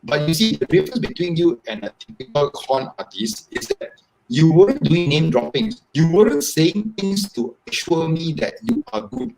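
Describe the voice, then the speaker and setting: A man, a guest on a live video-call interview, explaining at length in an animated, repetitive way. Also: a little high, normal speed, gravelly, a little hiss or hum, rough recording. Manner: animated, repetitive, talks in long explanatory runs. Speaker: guest author.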